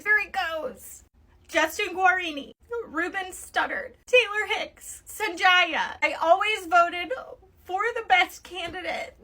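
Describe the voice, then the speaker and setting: Woman playing a self-absorbed tourist, whiny, flippant, high bright voice, satirical sketch. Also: exaggerated voice. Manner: whiny, defensive, flippant sarcasm.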